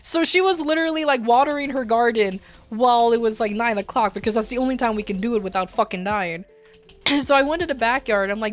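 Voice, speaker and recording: A woman streamer chatting casually and telling a story, blunt and profane, laughing often and acting out shouted lines. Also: on the high side, fast, soft background music. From desert region. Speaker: VTuber streamer.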